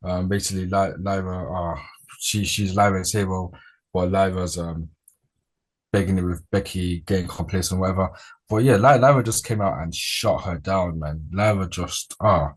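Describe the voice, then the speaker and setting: A man hosting a casual wrestling chat, relaxed and rambling, with slangy sounding talk. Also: sits low, moderate pace, husky. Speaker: podcast host.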